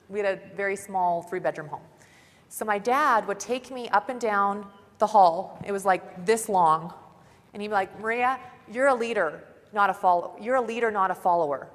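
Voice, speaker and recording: A young woman giving an upbeat motivational talk at a conference, chatty and saying "like" often, recorded on a stage mic. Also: mid-range voice. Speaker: conference speaker. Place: large conference hall. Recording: long reverb of a large hall.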